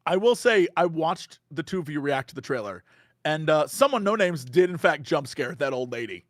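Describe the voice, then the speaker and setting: A man, a podcast guest, chatting casually and telling animated stories, acting out quotes and laughing often mid-sentence. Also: fairly high pitch, moderate pace, no room sound, studio quality.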